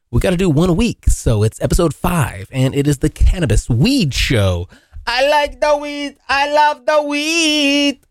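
A man hosting a casual solo podcast, joking and swearing, now and then yelping into high silly voices. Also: dry recording, clean studio sound. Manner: animated, swearing, jokey, yelps into high voices. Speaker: podcast host. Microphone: hot close mic.

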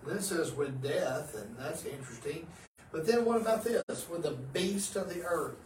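A man, a pastor co-hosting a podcast, telling stories animatedly and swinging from hushed to loud. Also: a little high, normal speed. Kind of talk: casual religious podcast chat. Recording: roomy, distant mic, faint noise.

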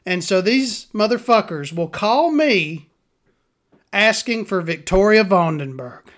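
A man's voice: sits high, expressive, measured pace, fairly bright tone. A man, hosting a podcast in a rambling, profane, sardonic monologue. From Southern US. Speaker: podcast host.

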